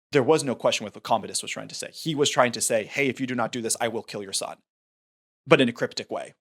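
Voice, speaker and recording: A man co-hosting a movie podcast, talking things through in a thoughtful, rambling way with restarts. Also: mid-range voice. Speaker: podcast co-host. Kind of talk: casual film discussion.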